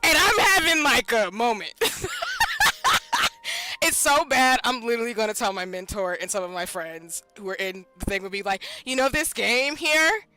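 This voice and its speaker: A young woman streaming a game, excitable and loud, laughing and swearing as she reacts. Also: a little high, normal speed, dry recording, soft background music, low-quality recording.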